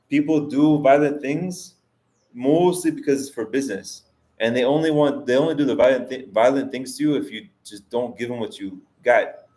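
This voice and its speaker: A man's voice: mid-range voice, a little mellow. A man hosting a live stream, talking casually and rambling with restarts and fillers as he answers chat. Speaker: vlogger host reading live chat.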